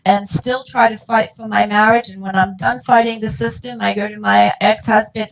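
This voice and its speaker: A woman's voice: mid-range voice, steady tone, normal speed, creaky, hardly any pauses, poor audio. A middle-aged woman telling an emotional personal story earnestly, repeating words and acting out what people said. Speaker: guest.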